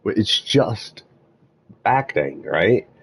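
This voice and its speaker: A man musing aloud in a meandering spiritual monologue, halting often and restarting his thoughts. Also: fairly low pitch, very animated, vocal fry, fairly bright tone, slightly rough.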